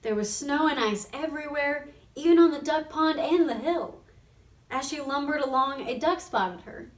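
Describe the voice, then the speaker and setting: A woman reading a children's storybook aloud in an expressive way, for a radio program. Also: high voice, normal speed. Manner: expressive, animated. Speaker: reader of a children's book. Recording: roomy sound from a distant mic.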